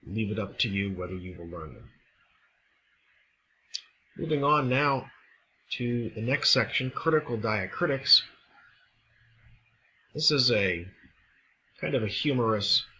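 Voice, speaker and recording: Measured man teaching a lesson, bright tone. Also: lowish voice, breathy edge, rough recording. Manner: measured, explains step by step. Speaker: Greek teacher. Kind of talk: recorded classroom lecture.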